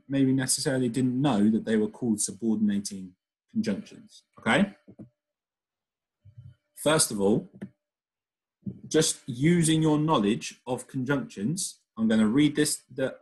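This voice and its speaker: A man's voice: mid-range voice, poor audio. Man teaching a primary class. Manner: reads the story aloud with lively expression; patient, explains step by step. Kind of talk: recorded remote lesson.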